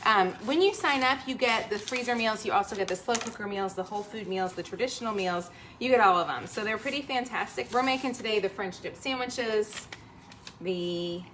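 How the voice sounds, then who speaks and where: Bright, bubbly woman cooking live. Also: mid-range voice, brisk, a little hiss or hum. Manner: upbeat, talks straight to viewers, reads out comments. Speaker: host of a cooking livestream. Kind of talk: chatty live cooking demo with viewers. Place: home kitchen.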